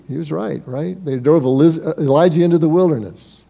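A pastor preaches a sermon to his congregation in a fairly high, warm, mellow voice with vocal fry, speaking fairly quickly. He calls them beloved and asks rhetorical questions, his dynamic delivery pressing some lines hard and dropping others nearly to a hush.

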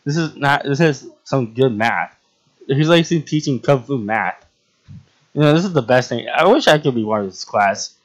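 A man's voice: medium pitch, expressive, moderate pace. A young man casually chatting and role-playing while playing a game, often laughing and trailing off with fillers. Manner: giggly, rambling, voices many characters. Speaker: game roleplay host. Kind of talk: casual roleplay gameplay chat.

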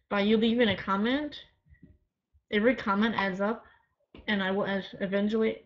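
In a muffled recording, a woman in her early twenties rants defiantly to camera for a casual vlog. Her mid-range voice carries sarcastic, rambling talk with many restarts.

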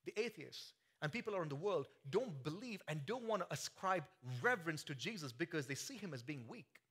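A man preaching a sermon, swinging from quiet, joking asides to loud, soaring climaxes. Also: on the high side, husky. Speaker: pastor. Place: church sanctuary.

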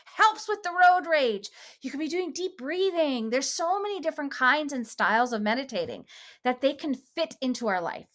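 A woman with a slightly higher voice guides a meditation session. She talks in a gentle, chatty way and laughs easily between her instructions. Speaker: meditation leader.

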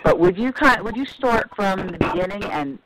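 A man's voice: high voice, lively intonation, moderate pace, over a noisy crowd, poor audio. A male radio host introducing a guest's story, stammering and repeating words. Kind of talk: interviewing a guest.

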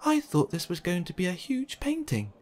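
A man putting on an eager, excited schoolboy. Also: high voice, moderate pace, voice pushed up, exaggerated voice.

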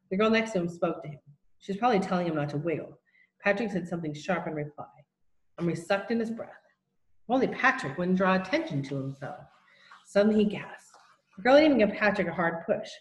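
A woman reading a children's novel aloud as narrator, in a steady, plain storytelling manner. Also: mid-range voice. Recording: roomy echo.

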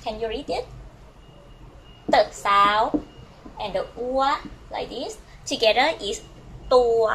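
A Thai-native woman teaches a lesson with a bright, somewhat high voice. She goes slowly and patiently and repeats each word for learners to say after her. A faint noise hums behind her. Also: rough recording. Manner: slow, patient, repeats words for learners to copy. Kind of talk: language lesson.

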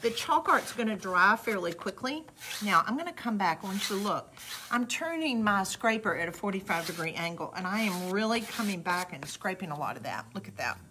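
Woman, Southern US accent, middle-aged, chatty craft host, mid-pitched voice. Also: big pitch swings, fairly quick, bright, forceful tone, slight background noise. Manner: chatty and folksy, addresses viewers as y'all. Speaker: craft host demonstrating a product. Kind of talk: live casual how-to demo.

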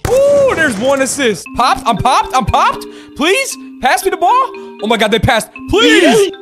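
A young man giving live, excitable gameplay commentary, swearing and pleading with his teammates. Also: extremely high pitch, measured pace, over music. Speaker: gaming YouTuber.

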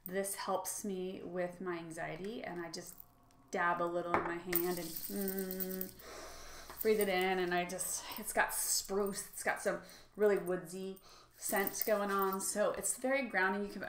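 Middle-aged woman vlogger, low-ish voice, gushing and casual with lots of fillers, roomy echo. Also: fairly even intonation, moderate pace, fairly bright tone, slight background noise. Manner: chatty and enthusiastic, with frequent fillers. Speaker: lifestyle vlogger. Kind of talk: casual product demonstration.

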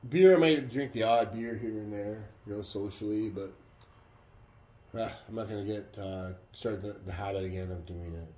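A man's voice: lowish voice, moderate pace. Profane man in a roomy echo. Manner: profane, animated retelling with acted quotes. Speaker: vlogger. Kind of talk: casual storytelling monologue.

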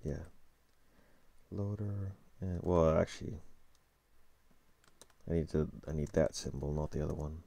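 A man's voice: a bass voice, unhurried, vocal fry, pauses often, dark tone. A man thinking aloud while coding, muttering to himself and correcting his words, with keyboard typing behind him. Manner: muttering, self-correcting, frustrated asides. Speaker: programmer streaming a coding session. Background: keyboard typing and clicking.

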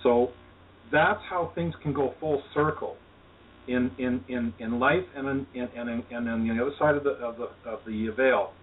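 A man's voice: mid-range voice, normal speed. A man, an energy healer, telling his personal story in an earnest, reflective way as an interview guest. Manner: earnest, reflective, talks of spirituality. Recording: tinny phone line, distant, faint hiss.

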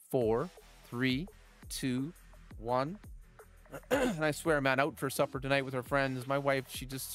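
A middle-aged man, chatting with his live chat while giving game commentary, swinging from calm tips to loud outbursts. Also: medium pitch. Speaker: gaming livestreamer.

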